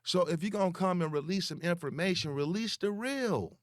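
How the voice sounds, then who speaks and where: A young man, ranting slowly and profanely as he calls someone out online, repeating words for emphasis. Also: high-pitched, expressive, no echo, clean studio sound. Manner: slow, taunting and profane. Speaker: online commentator. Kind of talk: confrontational call-out rant.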